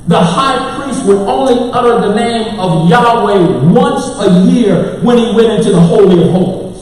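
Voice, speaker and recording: Brief: male pastor with a Texan accent, high voice, preaching in a big church, roomy sound from a distant mic. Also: animated, moderate pace, darkish tone. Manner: preaching, talks to the congregation and tech crew. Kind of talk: sermon. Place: church sanctuary. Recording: echoey church hall, mic far off.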